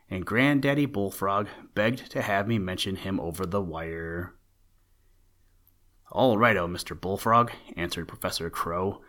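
A man hosting a podcast, reading a children's storybook aloud in a gentle, lilting manner and giving the characters little voices. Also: deep voice.

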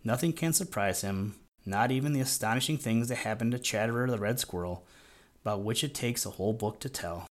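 A man's voice: on the low side, brisk. Man reading a children's storybook. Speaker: audiobook narrator. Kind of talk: scripted narration of a children's story.

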